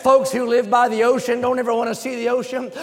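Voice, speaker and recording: A man preaching a sermon with passion, his voice swelling into shouts and a sing-song cadence. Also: extremely high pitch, little pitch movement, fast. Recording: long hall reverb.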